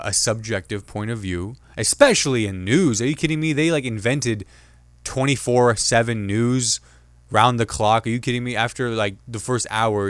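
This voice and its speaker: Male comic host, loose jokey delivery, lowish smooth voice, dry close sound. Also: fairly bright tone, dry recording. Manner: chatty, jokey, mimics others in quick asides. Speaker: podcast host and comedian. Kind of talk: casual solo commentary.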